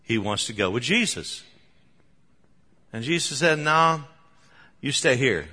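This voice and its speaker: A man delivers a sermon in a bright, forceful voice that rings through a large, echoing hall. He tells the story in an animated way, breaking into chuckles and sudden emphatic bursts. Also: medium pitch, takes it slowly. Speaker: preacher.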